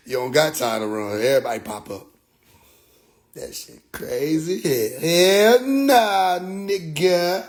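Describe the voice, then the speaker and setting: A young man casually telling a story as a podcast host, animated and profane, acting out other people's voices now and then. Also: medium pitch.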